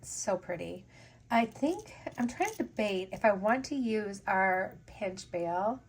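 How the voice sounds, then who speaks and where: A woman hosting a casual jewelry-making vlog, gushing and excitable, chatting to viewers as she unboxes beads. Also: mid-range voice, slow, breathy edge. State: teary and sniffly after sneezing. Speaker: jewelry-making channel host.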